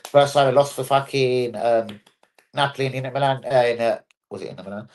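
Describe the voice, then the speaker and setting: A man's voice: medium pitch, a little fast, a little mellow. A man hosting a live football stream, chatting casually, bluntly and with a lot of swearing.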